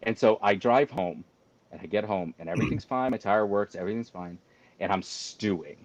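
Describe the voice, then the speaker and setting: A man's voice: lowish voice, fairly quick, highs cut off. A man telling a story in a casual chat, ranting with exasperated exaggeration. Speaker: guest cigar company representative.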